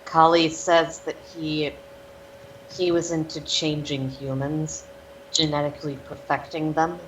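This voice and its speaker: A woman's voice: sits low, flat delivery, unhurried, slight background noise, rough recording. A woman playing a tabletop role-playing game, describing her character's actions in a laid-back, dry manner. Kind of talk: casual game narration.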